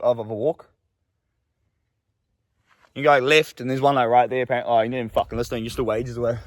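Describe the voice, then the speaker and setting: An Australian man vlogging casually outdoors on a bush walk, swearing and getting excited, recorded on a handheld camera. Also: mid-range voice, studio quality. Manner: sweary, excitable, shouts to test the echo. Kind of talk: casual vlog chat while hiking.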